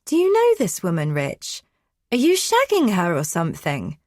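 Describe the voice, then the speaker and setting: A startled young woman, sharp and suspicious, as a woman narrator puts her on. Raised high above the narrator's low voice, heard close and dry like a storybook audiobook. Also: huge pitch swings, moderate pace, dry recording. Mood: accusing.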